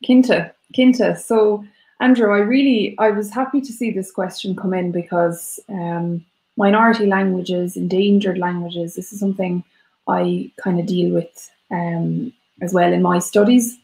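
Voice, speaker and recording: A woman's voice: fairly low pitch, fairly even intonation, unhurried, gravelly, darkish tone, echoey room. A young woman co-hosting a live-stream language lesson. She explains in a chatty way, with lots of "uh" and "so". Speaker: co-host and Irish teacher.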